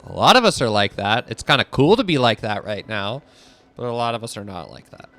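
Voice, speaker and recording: A man's voice: medium pitch, brisk, soft background music. A young man chatting casually and giggling while he streams a game. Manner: animated, giggly and rambling. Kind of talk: casual chat while gaming.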